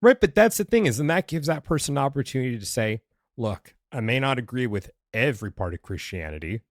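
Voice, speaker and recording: A man's voice: medium pitch, big pitch swings, quick pace, no room sound, clean studio sound. A man hosting a podcast, talking candidly and thinking aloud, with restarts and playful asides. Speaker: podcast host, past life regressionist. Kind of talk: casual conversation.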